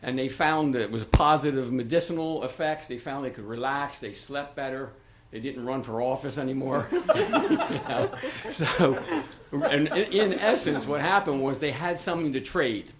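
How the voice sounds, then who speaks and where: An older man, a local author, makes informal public remarks at a township meeting in an echoey room with a crowd in the background. His medium-pitched voice is expressive and moderately paced, and he rambles chattily with many restarts and asides.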